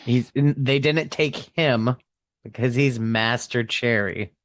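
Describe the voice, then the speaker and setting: A man's voice: medium pitch, dry recording. A man co-hosting a podcast, chatting casually and joking at his own confusion. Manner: slow, self-deprecating, laughing. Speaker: podcast co-host. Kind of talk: casual chat.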